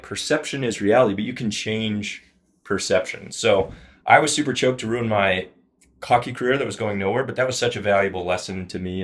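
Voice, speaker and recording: Low-voiced man telling stories. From Saskatchewan, Canada. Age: 30s. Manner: animated storyteller, self-deprecating. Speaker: podcast guest, wealth advisor. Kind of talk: casual conversation.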